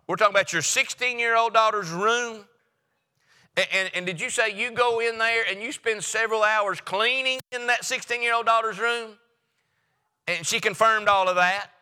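A man preaching a sermon as a pastor, emphatic and repetitive, sometimes dropping to a hushed tone for stress. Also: sits high, moderate pace, clean tone. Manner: emphatic preaching with repeated phrases, drops to a hush for stress. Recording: long reverb of a church hall.

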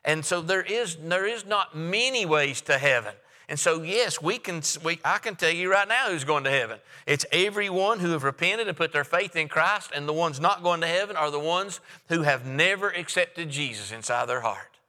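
Male pastor, emphatic, repetitive preaching, very bright tone, long church-hall reverb. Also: a little high, expressive, normal speed, hardly any pauses. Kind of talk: sermon.

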